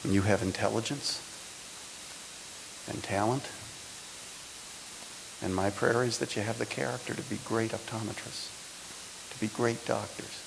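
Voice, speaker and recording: A man in his sixties giving a motivational speech to students, his delivery swinging between loud emphasis and soft, intimate lines. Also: lowish voice, fairly even intonation, measured pace, creaky, pauses often, background noise. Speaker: speaker. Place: lecture hall.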